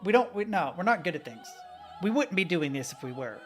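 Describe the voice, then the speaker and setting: A man's voice: high-pitched, very animated, brisk, fairly bright tone, faint music behind. A man from Kentucky reacting casually to videos as a streamer, chatty, swearing freely and laughing often.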